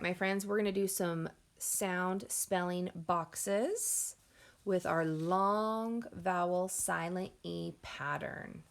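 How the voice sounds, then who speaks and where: A woman teaching a phonics lesson to young children, sounding out words slowly and clearly and encouraging the class. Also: lowish voice. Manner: encouraging, addresses class as friends.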